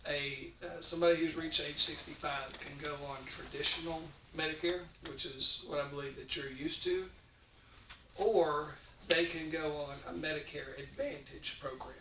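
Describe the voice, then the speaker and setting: A man's voice: fairly high pitch, bright, forceful tone. A man speaking as an insurance consultant, explaining plainly at a public meeting with frequent ums and uhs. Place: county meeting room. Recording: echoey room, distant mic, faint noise.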